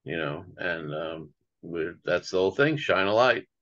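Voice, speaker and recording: A man hosting a casual interview, calm and affirming, with short acknowledgements and thanks to his guest. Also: deep voice, measured pace, dull audio. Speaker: host.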